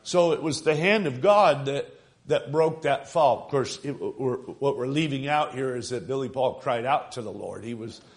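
A man preaching a sermon, earnest and emphatic, stretching key phrases and pausing with fillers between thoughts. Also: mid-range voice.

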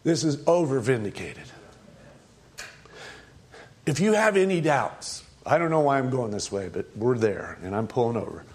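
A middle-aged male pastor delivering a sermon in a voice of middling pitch. He preaches with emphasis, leaping higher and louder to drive points home, then falling to low, quiet asides. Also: very animated, moderate pace, pauses often.

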